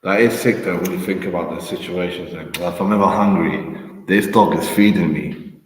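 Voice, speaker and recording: A man chatting casually in slangy, excitable talk. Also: sits low, moderate pace. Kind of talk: casual chat. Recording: echoey roomy reverb.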